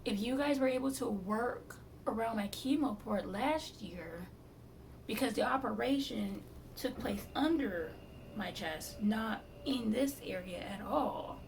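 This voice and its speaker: A woman with a gravelly, fry-edged voice tells a storytime vlog, exasperated and blunt, now and then swearing. She sits a little off the mic, and a faint hum of background noise runs under her voice. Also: fairly high pitch, measured pace, a little mellow, recorded from a distance. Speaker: vlogger telling her surgery story.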